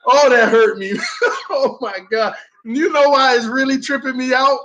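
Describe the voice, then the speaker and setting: A man's voice: very high voice, steady tone, moderate pace, bright, forceful tone, dull audio. A man reacting to a football game on a live stream, calling plays and dramatically groaning and laughing at viewer comments.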